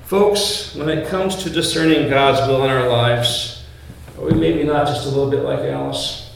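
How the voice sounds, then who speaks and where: A man's voice: medium pitch, sing-song, normal speed, gravelly, a little hiss or hum. A man preaching a sermon earnestly and addressing the congregation with rhetorical questions. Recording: very echoey, from far off.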